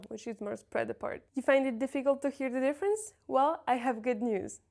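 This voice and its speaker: A woman teaching pronunciation, carefully modeling example words slowly and clearly. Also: sits high, a little mellow. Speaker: French teacher. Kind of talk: pronunciation lesson.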